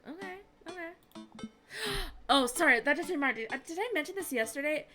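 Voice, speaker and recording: A woman's voice: sits high, animated, fast talker, bright, forceful tone. A woman streaming a game live, chatting in a bubbly, rambling way. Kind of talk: live game-playing chat. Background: background music.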